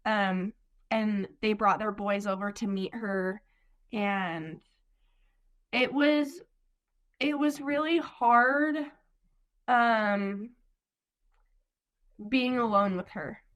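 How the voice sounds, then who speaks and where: A woman's voice: medium pitch, extremely slow, pauses often, fairly bright tone. A young woman telling her own story as an interview guest. She talks earnestly, uses many "like" fillers, and acts out what others said. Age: young adult. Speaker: interview guest, birth mother.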